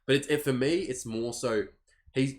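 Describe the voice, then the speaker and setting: A man's voice: mid-range voice, fairly even intonation. A young man, co-hosting a casual podcast, pushing the talk along and cutting in, swearing often. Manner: fast, bossy, swears, cuts in. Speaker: podcast co-host. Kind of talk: casual chat about basketball.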